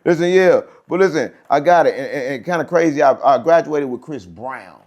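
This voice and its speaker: Animated rambling man telling stories. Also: on the high side, normal speed. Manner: rambling, repeats "right?" and "gang", animated. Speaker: show host. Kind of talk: casual storytelling monologue.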